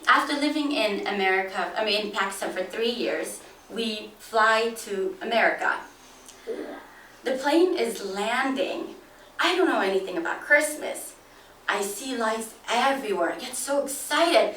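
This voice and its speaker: A woman telling a dramatic first-person story, expressive, acting out each voice. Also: fairly high pitch, unhurried, a little hiss or hum. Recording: echoey room, from a distance.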